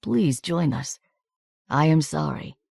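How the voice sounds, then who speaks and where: A woman voicing a friendly but faintly menacing teenage boy with a soft Romanian accent, who speaks slowly in halting phrases. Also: sits low, lively intonation, vocal fry, breathy edge, dry recording, clean studio sound, exaggerated voice. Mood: coaxing.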